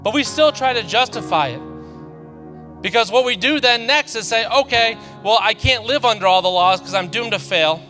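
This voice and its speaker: Bright-voiced male preacher in a hall. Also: high-pitched, moderate pace, soft background music. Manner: animated storytelling, self-deprecating humor. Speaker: pastor. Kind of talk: sermon. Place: church auditorium.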